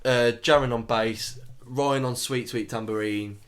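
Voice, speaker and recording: A man's voice: mid-range voice, steady tone, unhurried, noisy background. A man, hosting a podcast and telling a rambling, swear-laden anecdote with frequent laughter. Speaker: podcast host. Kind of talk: casual chat.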